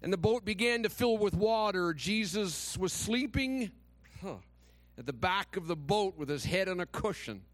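A man's voice: high-pitched, expressive, moderate pace, dry recording. A male pastor preaching a sermon in a conversational, dramatic storytelling manner with touches of humor.

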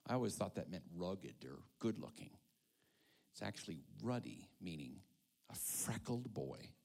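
Male pastor, slow, dramatic sermon delivery, hushed to loud. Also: low-pitched, sing-song, gravelly. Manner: dramatic swings from hushed whispers to loud calls.

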